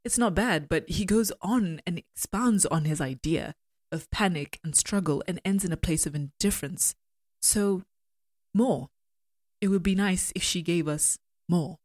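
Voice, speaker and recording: A woman with a low, steady voice gives an analytical critique of poetry. She argues her points in a measured, deliberate way. The sound is dry and close. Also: no echo. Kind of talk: analytical commentary reading poems aloud.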